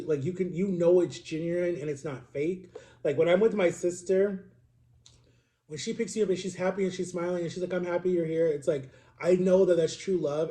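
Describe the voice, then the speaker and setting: Mellow man rambling in a casual vlog. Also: high voice. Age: 30s. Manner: rambling, confessional, many "like" fillers. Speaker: vlogger. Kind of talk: casual personal vlog monologue.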